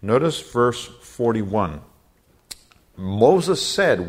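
A man's voice: fairly low pitch, sing-song, slow, a little mellow. A middle-aged man giving a verse-by-verse Bible teaching, reading scripture aloud and explaining it with everyday comparisons. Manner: explanatory, reads scripture aloud then paraphrases with everyday analogies.

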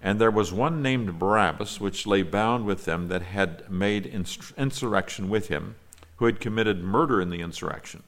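A man preaching a sermon as pastor, reading scripture aloud in old-fashioned wording and then explaining it in an earnest, measured way. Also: on the low side, a bit bright. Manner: measured and earnest, with small fillers when speaking freely.

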